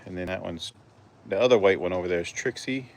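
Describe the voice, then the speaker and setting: A man filming his backyard chickens on a handheld phone, chatting in a relaxed, rambling way and talking to his hens outdoors. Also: low-pitched, fast. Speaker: backyard chicken keeper, vlogger. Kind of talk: casual walk-and-talk vlog. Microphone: handheld phone camera.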